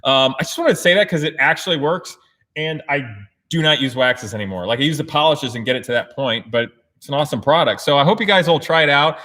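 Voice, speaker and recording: Excitable American man with a higher voice. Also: fast. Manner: energetic, excitable, laughs often. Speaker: host. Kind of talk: casual livestream Q&A. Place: indoor race shop.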